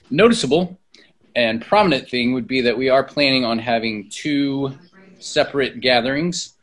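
A man speaking as a church leader in a casual discussion, plain and explanatory, often clearing his throat. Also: medium pitch, a bit bright.

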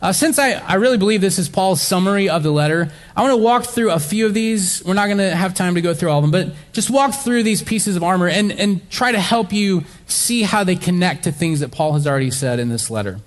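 A man's voice: high-pitched, expressive, brisk, few pauses, long reverb tail. A male pastor preaching a sermon in a conversational way, with some fillers and restarts as he works through a Bible passage.

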